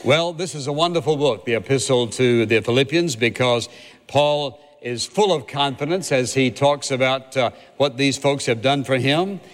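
Earnest man preaching in a reverberant hall. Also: medium pitch. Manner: earnest, deliberate, emphatic repetition. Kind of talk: sermon.

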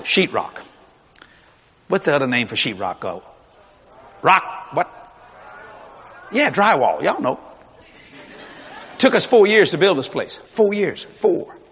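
A man preaching a sermon as pastor, animated, swinging between loud and hushed. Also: a little high, breathy edge. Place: large church hall. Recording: long reverb of a large hall.

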